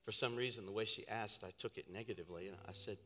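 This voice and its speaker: A man preaching a sermon as a pastor, telling a story and building to shouting. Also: fairly low pitch, fast talker, soft background music. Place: church sanctuary.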